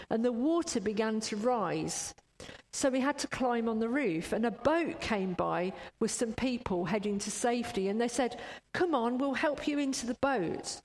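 A woman preacher giving a sermon, telling stories in an unhurried way, in a long church reverb. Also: fairly high pitch, a little mellow. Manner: unhurried, storytelling.

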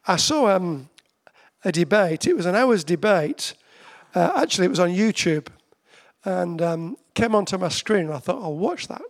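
A man preaching a sermon in a conversational way, slowing down to repeat key phrases with emphasis and asking listeners direct questions. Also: high voice, animated. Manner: conversational, with slow emphatic repetitions.

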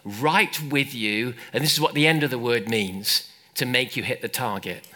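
Older man preaching, bright and forceful delivery, rousing the room. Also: medium pitch, moderate pace. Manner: animated, emphatic, calls out to congregation. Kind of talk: sermon.

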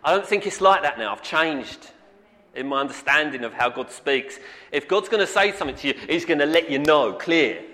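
A pastor delivers an earnest, repetitive sermon, frequently calling out "amen," his fairly high voice expressive, a bit fast and sharp. A long hall reverb surrounds the recording.

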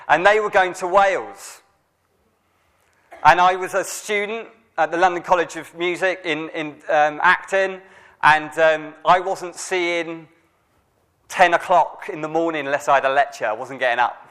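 High-voiced man preaching casually. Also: fairly bright tone. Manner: conversational, with frequent fillers and restarts; asks the audience direct questions. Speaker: youth worker preaching. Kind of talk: informal sermon.

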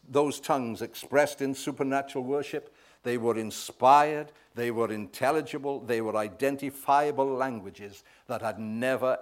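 Man, preacher, emphatic sermon delivery, mid pitch, punches key words, keeps the congregation engaged. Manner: emphatic, swells loud on key words, asks the congregation "right?".

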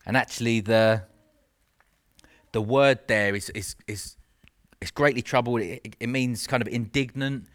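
A man's voice: mid-range voice, steady tone, a little slow, long pauses. A man preaching a sermon in an earnest, conversational way, with self-mocking asides.

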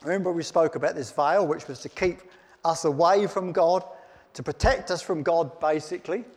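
A man's voice: on the high side, moderate pace. A man preaching a sermon, reading Bible verses aloud and then explaining them in plain, chatty words. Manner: reads scripture aloud then comments in plain chat. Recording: long hall reverb.

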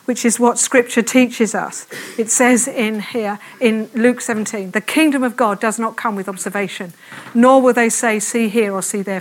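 A woman preaching a fervent sermon in church, speaking quickly and repeating her calls to prayer. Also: fairly high pitch.

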